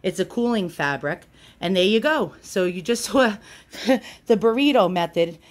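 A woman's voice: medium pitch, lively intonation, moderate pace. A woman giving a casual home how-to demonstration while filming on a handheld phone, chatty and self-deprecating with plenty of fillers. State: out of breath at times. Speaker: YouTube channel host.

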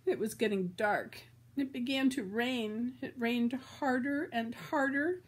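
Slow, husky grandma reading a storybook. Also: female voice, on the high side. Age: older. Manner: slow, expressive and chatty, adding comments to the story. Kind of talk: children's storybook read-aloud.

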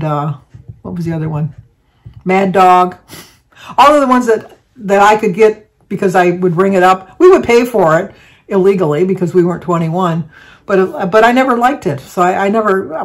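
An older woman vlogger chatting casually, rambling through a family story with false starts and asides. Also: medium pitch. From Michigan, United States.

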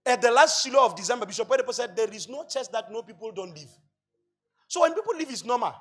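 A male pastor with a Botswana accent preaching a sermon, asking rhetorical questions and building to loud shouts. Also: extremely high pitch, lively intonation, fast talker, husky. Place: church hall.

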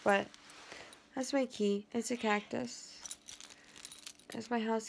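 Slow-talking young woman, noisy recording. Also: a little high, steady tone, vocal fry. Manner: rambling, self-mocking, lots of fillers. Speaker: vlogger. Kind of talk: casual chat. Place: at home indoors.

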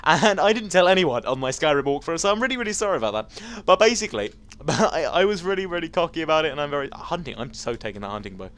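A man giving casual, jumpy let's-play commentary, talking to enemies and reacting out loud. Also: a little high, quick pace. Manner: jumpy, excitable, talks to enemies. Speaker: gameplay commentator.

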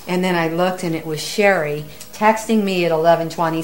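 A middle-aged woman casually telling stories as a medium, lively as she acts out what people said. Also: on the low side, a little fast, soft background music. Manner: animated, acts out quoted voices. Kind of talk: casual storytelling.

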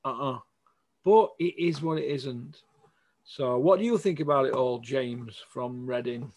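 A man hosting a show, giving a blunt, sweary opinion rant with loud outbursts. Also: mid-range voice, measured pace. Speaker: host.

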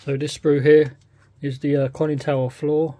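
A man's voice: on the high side, little pitch movement, moderate pace, dark tone, slight background noise. Unsure British man unboxing a model kit. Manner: hesitant, often unsure, thinking aloud. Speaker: scale model kit reviewer. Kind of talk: casual unboxing commentary.

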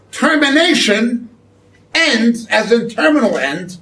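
A man giving sermon-style Bible teaching, explaining slowly and often checking with "okay?". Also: high-pitched, lively intonation, a bit bright, distant mic, low-quality recording. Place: church hall.

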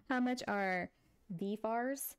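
A woman's voice: medium pitch, moderate pace. A middle-aged woman from Texas with a Texan accent, chatting casually and laughing often while streaming a building game to her viewers. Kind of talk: casual gameplay chat with live chat.

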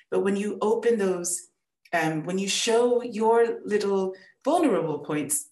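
A woman teaching a storytelling workshop, giving gentle, encouraging feedback and often repeating her words. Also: fairly low pitch, roomy sound. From born in England, raised in the United States.

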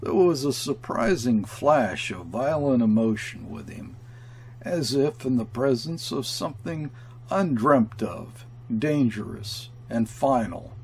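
A man narrating a classic story as an audiobook reader, in measured, deliberate delivery. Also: mid-range voice, very animated, gravelly, darkish tone, slight background noise.

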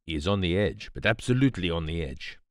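A shrewd, fussy little detective from a storybook, precise and measured with a quiet theatrical touch, as a male reader puts him on. The voice is low and sits close and dry. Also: very animated, no echo. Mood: knowing.

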